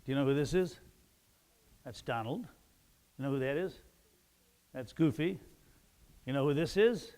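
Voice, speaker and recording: A man's voice: mid-range voice, normal speed, long pauses, warm tone. A man, a pastor, giving a children's sermon in a church, chatting playfully with the kids and joking as he tells a story. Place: church sanctuary.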